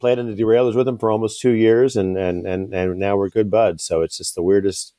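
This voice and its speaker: Low, dark-voiced man telling stories. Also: steady tone, brisk, no echo. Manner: rambling storyteller, swears freely. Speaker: band member and podcast co-host. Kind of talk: casual podcast chat.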